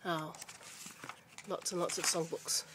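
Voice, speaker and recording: A woman's voice: fairly low pitch, level tone, takes it slowly, noisy background. A woman, a native English speaker, casually showing children's books at home to a camera mic, chatty and rambling with many fillers and restarts. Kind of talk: casual show-and-tell chat.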